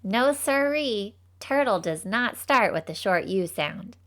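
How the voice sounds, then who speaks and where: A young woman voicing a cheerful, folksy teacher character, leading a scripted phonics lesson for children slowly and patiently. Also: mid-range voice, expressive. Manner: slow, patient, encouraging.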